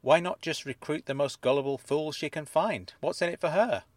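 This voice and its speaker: A man's voice: fairly high pitch, moderate pace, no echo. Guy narrating a mystery audio story, earnest, close mic, totally dry sound.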